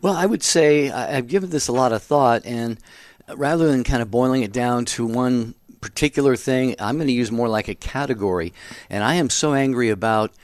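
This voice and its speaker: A man co-hosting a religious talk radio show, with a voice of ordinary pitch for a man. He speaks earnestly and thoughtfully, trailing into fillers and restarting sentences as he works his thoughts out. The sound is close and dry, like a studio microphone. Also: moderate pace, dry recording. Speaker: radio co-host. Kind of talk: Catholic talk radio chat.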